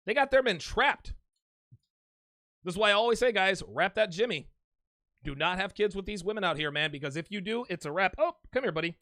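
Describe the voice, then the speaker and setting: Brash profane male talk-show host, 40s, high sharp voice, dry. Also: lively intonation, fairly quick, pauses often, no echo. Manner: brash, swaggering, profane, laughs often. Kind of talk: live call-in show banter.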